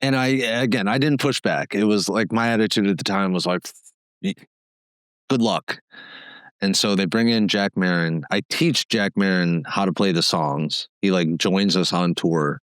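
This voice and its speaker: A man's voice: low-pitched, normal speed, hardly any pauses, a bit bright, clear, resonant tone, no room sound. A man, a former band musician, telling frank stories casually on a podcast, with lots of fillers and some swearing. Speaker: guest musician. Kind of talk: candid conversational storytelling.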